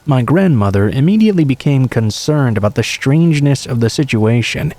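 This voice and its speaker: A man calmly reading true horror stories aloud as a scripted narration. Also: medium pitch, a little fast.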